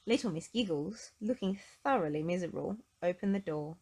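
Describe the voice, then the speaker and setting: A woman reading a children's storybook aloud in an expressive, gentle way. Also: lowish voice, a little fast, slightly rough. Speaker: storybook reader.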